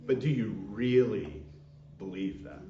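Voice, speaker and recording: Male minister, earnest sermon delivery, mid-pitched, echoey lo-fi sanctuary sound. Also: expressive, a little slow, over music. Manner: earnest, leads call-and-response. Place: church sanctuary. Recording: dull echoey sanctuary recording.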